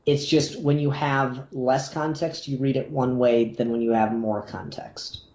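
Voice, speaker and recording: A podcast guest talking through a comic scene in a measured, hedging way, thinking aloud. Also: medium pitch, steady tone, a little mellow. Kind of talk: casual comic book review chat. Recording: dull echoey lo-fi audio.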